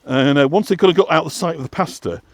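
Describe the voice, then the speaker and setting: A West Yorkshire man walks along an outdoor path, chatting and explaining for his vlog as a walking guide. He rambles with lots of fillers and restarts, his voice fairly high and fast, with no echo.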